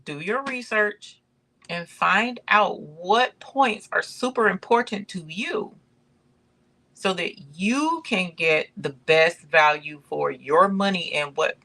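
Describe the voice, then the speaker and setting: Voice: medium pitch, gravelly, bright, forceful tone. An embroidery channel host chatting casually on a livestream, calling viewers y'all and reading out chat comments.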